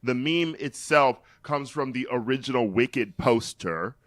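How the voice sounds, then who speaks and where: A man co-hosting a podcast in casual pop-culture chat, telling the story with animated delivery and laughing easily. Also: mid-range voice, measured pace, dry recording, clean studio sound. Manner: animated storytelling, reads quotes aloud with mock drama, laughs often. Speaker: podcast co-host.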